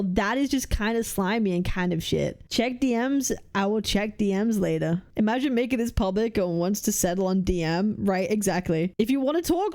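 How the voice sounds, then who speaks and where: A woman's voice: mid-range voice, dark tone. A woman streamer doing livestream reaction commentary, blunt and heated, swearing as she argues with her chat.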